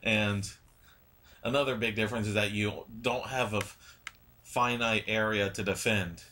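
A man's voice: fairly low pitch, fairly even intonation, moderate pace, bright, forceful tone, a little hiss or hum. A man giving casual, rambling gameplay commentary, chatty and self-mocking. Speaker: let's play commentator.

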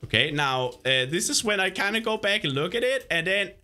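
A young man hosting a gaming video, patiently coaching a player through a course, excitable and laughing often. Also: high-pitched, fairly quick. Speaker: gaming host.

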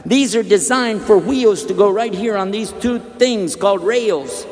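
A man's voice: sits high, unhurried, a little mellow, long reverb tail, voice pushed up. A man voicing an insistent man who pleads with someone to get off a railroad track, in a raised voice. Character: man urgently warning of a coming train.

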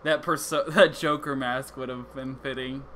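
A man's voice: mid-range voice, steady tone, moderate pace, a bit bright, slight background noise. A man giving casual, joking let's-play commentary, swearing often and restarting his sentences. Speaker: gamer playing through a game.

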